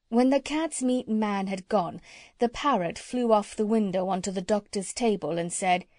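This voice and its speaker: A woman narrating a children's audiobook in an expressive storytelling manner. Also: medium pitch, normal speed, no room sound, studio quality. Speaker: audiobook reader.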